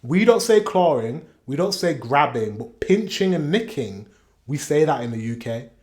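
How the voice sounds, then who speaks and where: A man's voice: fairly high pitch, big pitch swings, normal speed, darkish tone. Chatty man reacting. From Yorkshire, England. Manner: chatty and rambling, with frequent self-corrections and chuckles. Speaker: reaction video host. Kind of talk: casual reaction commentary.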